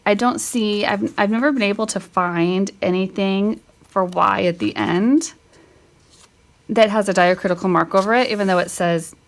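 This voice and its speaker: A woman's voice: medium pitch, moderate pace. A middle-aged woman walking through a homeschool spelling lesson, thinking aloud and correcting herself as she goes. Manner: thinking aloud, self-correcting, chatty asides. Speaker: homeschool teacher. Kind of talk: casual spelling lesson walkthrough.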